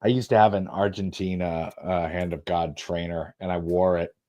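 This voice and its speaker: A man co-hosting a casual podcast chat during a football match, rambling, swearing and trailing off softly. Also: low-pitched, fairly even intonation, normal speed. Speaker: podcast co-host.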